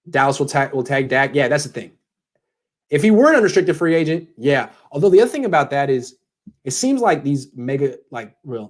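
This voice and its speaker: A man in his thirties answers viewer questions on a live sports show. He talks casually and thinks out loud, now and then slipping into sarcastic asides. His voice sits in a middle pitch.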